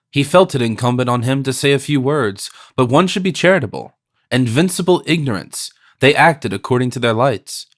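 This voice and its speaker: Guy reading a classic novel out loud, steady mid voice, dead dry sound. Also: mid-range voice, no echo. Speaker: audiobook narrator. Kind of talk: scripted narration.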